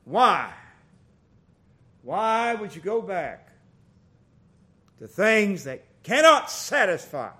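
A middle-aged man preaching a sermon, folksy and animated, telling stories with big swings in loudness. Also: high-pitched, very slow, long pauses.

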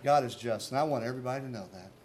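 Guy preaching, earnest and chatty, mid-pitched voice, faint hum behind. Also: very fast, darkish tone. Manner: earnest, conversational preaching with rhetorical questions. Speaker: pastor. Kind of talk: sermon.

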